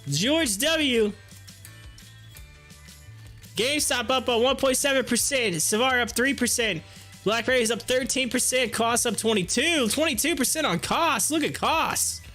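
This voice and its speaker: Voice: mid-range voice, unhurried, soft background music. A livestream host commenting on stock charts, laughing often and reading viewer comments aloud. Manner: giggly, laughs often, excitable. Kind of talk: live-streamed market commentary with chat reading.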